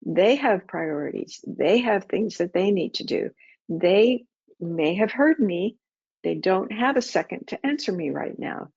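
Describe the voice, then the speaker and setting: Woman, middle-aged, former air controller, practical Q&A answers, gravelly voice, dry muffled audio. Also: medium pitch, expressive, measured pace, darkish tone, no room sound. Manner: practical, conversational, acts out radio calls. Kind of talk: webinar Q&A answers. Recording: dull muffled webinar audio.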